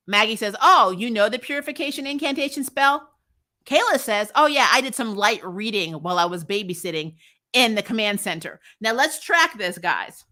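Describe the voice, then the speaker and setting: Woman, TV episode reviewer, casual recap, snarky, animated, bright tone. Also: fairly high pitch. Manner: animated and snarky, acts out characters' lines with laughs.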